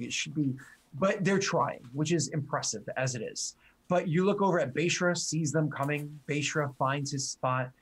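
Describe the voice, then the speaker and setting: A man's voice: medium pitch, fairly bright tone, husky. A man narrating as game master, rambling with many fillers and restarts.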